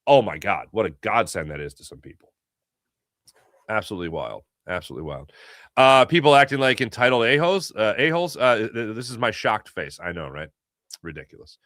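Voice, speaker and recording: A middle-aged man from Philadelphia hosting a casual sports talk show, telling animated stories and acting out voices. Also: lowish voice, a little fast, dry recording, studio quality. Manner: animated storytelling, acts out voices.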